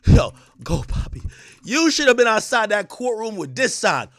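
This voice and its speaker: A man's voice: high voice, very animated, normal speed, a bit bright, no room sound, studio quality. A man hosting a livestream, giving profane, joking commentary and laughing often. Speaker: livestream host. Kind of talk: comedic legal commentary stream.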